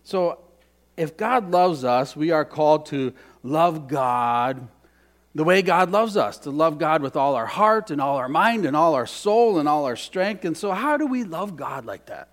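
A man's voice: fairly high pitch, animated, measured pace. A man preaching a sermon as pastor, earnest and repeating key phrases, leading the congregation in spoken responses.

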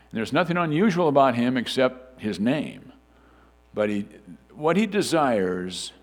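A man delivers a sermon in a loose, conversational manner, often restarting his sentences. His pitch sits in a middle register but moves around a lot, lively and animated. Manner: conversational preaching with frequent fillers and restarts. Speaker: pastor.

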